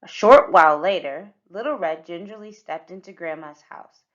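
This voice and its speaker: A woman reading a children's picture book aloud as the narrator, with expressive storytelling. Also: on the low side, normal speed, lo-fi sound.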